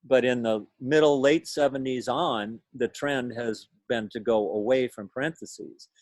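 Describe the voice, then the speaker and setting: A man's voice: mid-range voice, a little slow, darkish tone, no room sound. A man teaching a class over a video call, explaining things patiently and thinking aloud as he goes. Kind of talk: lecture to a class.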